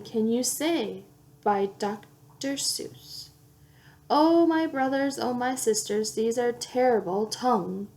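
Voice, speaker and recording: A woman's voice: on the high side, mellow, slight background noise. A woman reading children's picture books aloud, playfully acting out the sound effects. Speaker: children's book reader.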